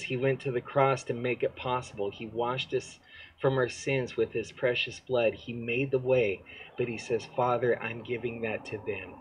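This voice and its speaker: A man preaching an easygoing sermon outdoors, his voice at a middle pitch. He talks in a loose, conversational way and keeps turning to the crowd with questions. A faint hiss of open-air noise sits underneath. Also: low-quality recording. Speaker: pastor. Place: outdoor church service.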